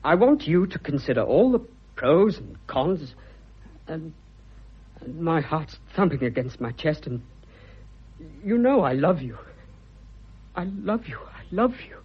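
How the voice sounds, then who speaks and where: Brief: actor playing eager young suitor, husky, bluff and fervent, lively swinging pitch, dull old radio sound. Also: male voice, measured pace, pauses often, exaggerated voice. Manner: bluff, fervent, stammering when moved. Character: eager young male suitor, blunt and boyish. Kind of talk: vintage radio drama acting.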